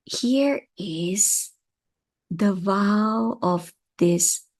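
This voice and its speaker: Patient Thai-accented woman teaching reading. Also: medium pitch. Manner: patient, repeats words slowly for learners. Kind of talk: step-by-step reading lesson.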